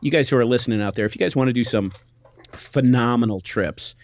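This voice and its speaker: A man recounts a trip in loose, rambling podcast chat, circling back and restarting his thoughts. The recording is dry and lacks sparkle, with a middle-pitched voice. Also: a little fast, no echo, dull audio. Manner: animated, rambling with many restarts. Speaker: podcast host. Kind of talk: casual storytelling chat.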